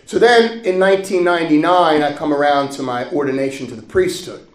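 A middle-aged man, a priest, preaching a sermon as he tells a personal story, gently and with frequent laughter. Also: a little high, fairly quick, echoey room. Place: church.

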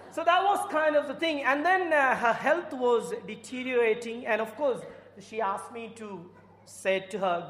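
A man's voice: sits high, fairly bright tone. A man with an Indian accent who is studying for the priesthood, preaching a sermon through stories that rise to fervent emphasis. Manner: storytelling, rising to fervent emphasis. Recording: echoey church with long reverb.

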